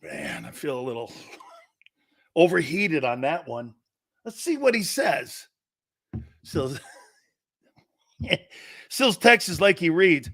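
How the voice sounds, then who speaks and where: Sports talk host, middle-aged man: bright, high voice, animated storyteller who laughs a lot. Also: slow, gravelly, pauses often. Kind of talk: casual sports talk show.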